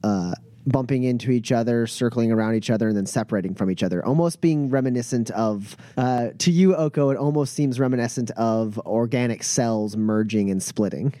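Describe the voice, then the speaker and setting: A man's voice: medium pitch, mellow, no echo. Hesitant male game master, dry sound. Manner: descriptive, many filler pauses. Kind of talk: narrating a tabletop game.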